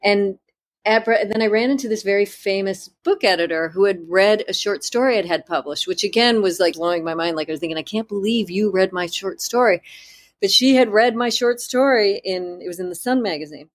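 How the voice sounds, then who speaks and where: A woman author in an interview, telling her story in a candid, self-deprecating way with halting restarts. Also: medium pitch.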